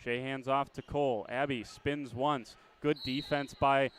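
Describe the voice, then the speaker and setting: A man calling a high school basketball game play-by-play, chatty and quick to correct himself with a small laugh. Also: fairly even intonation, a little hiss or hum. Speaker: play-by-play announcer.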